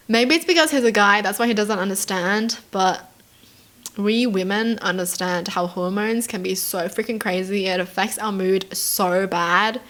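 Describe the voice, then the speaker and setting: A woman's voice: mid-range voice, moderate pace, fairly bright tone. A woman from Australia reading online stories aloud and reacting to them in a chatty, casual way, full of "like" and "dude". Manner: chatty, lots of "like" and "dude", giggly asides.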